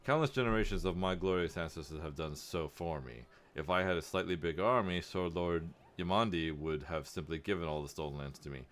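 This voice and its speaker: A man reading the lines of an arrogant, bored baron in a slow, condescending drawl. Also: low-pitched, natural voice. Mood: smug.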